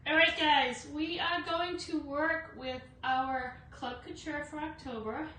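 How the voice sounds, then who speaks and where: A woman's voice: high voice, fairly even intonation, takes it slowly, sharp tone. A woman hosting a casual live craft demo, chatty, greeting viewers by name with lots of fillers. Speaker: craft livestream host. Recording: echoey room, voice from a distance, faint noise.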